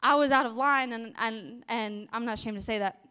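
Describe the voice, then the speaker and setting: Southern woman, casual faith testimony, chatty, fairly high smooth voice. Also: a little fast. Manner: chatty, animated, many fillers and restarts. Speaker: ministry worker sharing testimony.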